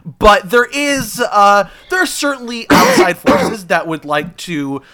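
A man's voice: high voice, very animated, slow pace, sharp tone. A man co-hosting a comedy podcast, rambling and swearing freely with many fillers. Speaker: podcast co-host, game pitcher. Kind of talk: casual comedic chat.

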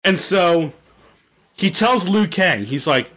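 A man's voice: high voice, expressive, takes it slowly, a bit bright. A young man casually retelling a story, rambling, swearing and correcting himself. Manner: rambling, profane, self-correcting. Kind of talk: casual chat.

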